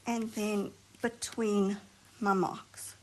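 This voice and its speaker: A woman hosting a craft tutorial, chatting and thinking aloud as she works, sometimes dropping to a soft near-whisper while she concentrates. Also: mid-range voice, little pitch movement, very slow, low-quality recording. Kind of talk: chatty hands-on craft demonstration.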